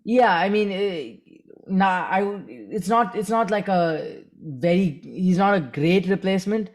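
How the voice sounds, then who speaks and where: A man's voice: high voice, measured pace. A man co-hosting a cricket podcast, talking in a rambling, hesitant way as he searches for words. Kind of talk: casual sports chat.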